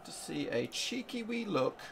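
Excitable gravelly football fan. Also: male voice, high-pitched, measured pace, noisy background. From England. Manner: excitable, urging the team on. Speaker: fan reaction streamer. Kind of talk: live football reaction commentary.

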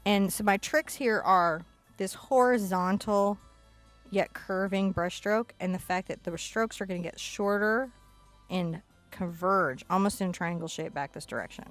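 A chatty, playful woman at a medium pitch talks viewers through an acrylic painting lesson step by step. She jokes, mutters to herself, and makes little sound effects as she paints in an indoor studio. Faint music plays behind her. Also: a little slow.

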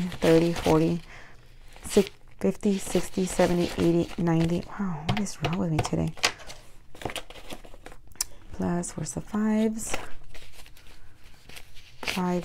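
A woman with a hoarse voice chatting casually as she counts out cash for a budgeting vlog, murmuring numbers and talking excitedly to viewers. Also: on the low side, background noise. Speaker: budgeting vlogger.

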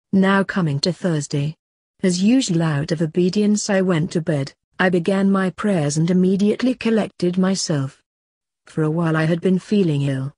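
A woman reading a diary aloud as an audiobook, in an earnest, measured way. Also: lowish voice, warm tone, slightly rough, no echo, studio quality. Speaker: audiobook narrator. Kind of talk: scripted narration of a diary.

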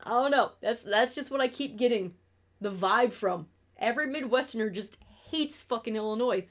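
Young woman streamer, slightly high voice, loose rambling chat, swears freely. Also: moderate pace.

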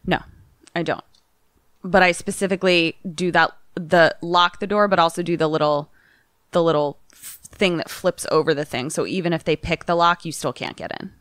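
A woman's voice: on the low side, steady tone, fairly bright tone, clean tone, dry recording, studio quality. A woman co-hosting a podcast, reacting with short interjections and giving her answers in casual chat. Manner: reactive listener, quick interjections. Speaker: podcast co-host.

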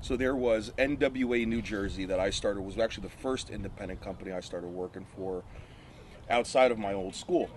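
A man with a fairly low voice tells loose, rambling stories, often breaking into laughter. A faint hum sits behind him. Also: a little fast. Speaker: wrestler guest. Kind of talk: casual storytelling.

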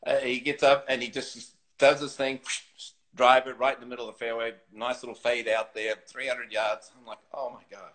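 A man, a former tour pro turned coach, telling stories in an interview. His voice sits at a middle pitch, and he laughs often and acts out what people said. He comes across a live video call. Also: normal speed. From New Zealand. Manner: animated storyteller, laughs often, acts out quotes. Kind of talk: interview storytelling.

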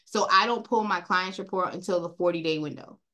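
A woman with a Caribbean accent, raised in Brooklyn, hosting an online training session over a video call in a chatty, animated way and calling her audience y'all. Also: lowish voice, brisk. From Caribbean, grew up in Brooklyn. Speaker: credit repair trainer hosting a group call.

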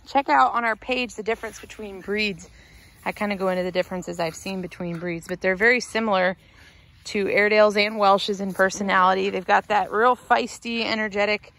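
A woman's voice: fairly high pitch, fairly bright tone. A woman outdoors on a lawn, chatting casually about her dog and cooing at it in sing-song baby talk. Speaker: dog owner showing her terrier. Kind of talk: casual video chat.

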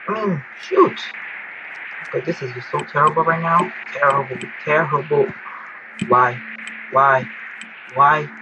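A teenage boy giving casual, excitable gameplay commentary, often panicking and pleading. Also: on the high side, dull audio, background noise. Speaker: gaming YouTuber.

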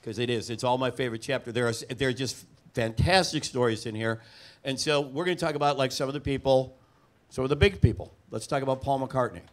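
A man's voice: mid-range voice, fast talker. Man interviewing a guest onstage. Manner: hesitant, many fillers and restarts. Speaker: interviewer and co-writer.

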